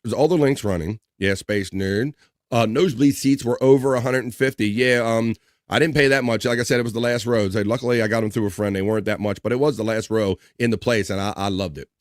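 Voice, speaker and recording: A man's voice: on the low side, fairly even intonation, fast talker, dry recording, studio quality. Joking man reading stream chat. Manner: loose and joking, laughs easily, drawls shout-outs. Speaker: livestream host. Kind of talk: casual livestream chat, reading viewer comments aloud.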